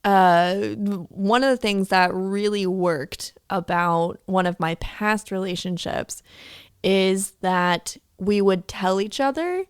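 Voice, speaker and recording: A woman's voice: mid-range voice, clear, resonant tone, no room sound. Dry-sounding woman hosting a chat. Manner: laughs often, quick reactive interjections. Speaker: podcast host. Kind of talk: casual chat.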